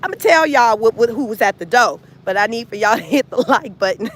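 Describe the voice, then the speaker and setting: A woman's voice: fairly high pitch, fairly quick. Chatty woman doing live commentary. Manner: animated, chatty, addresses viewers as y'all. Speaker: commentary vlogger. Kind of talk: casual live-stream commentary.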